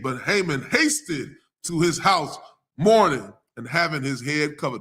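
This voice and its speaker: Southern male preacher, fairly high and forceful, loose slang, slows way down on scripture. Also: expressive. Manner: casual street slang, laughs often, reads verses slowly. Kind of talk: live-streamed scripture teaching.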